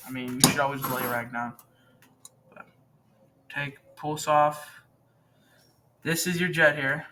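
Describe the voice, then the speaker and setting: Bright-voiced teenage boy explaining repairs. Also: on the high side, measured pace, a little hiss or hum. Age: teens. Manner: rambling, chatty, corrects himself often. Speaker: channel host demonstrating repair. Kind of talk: casual how-to demonstration.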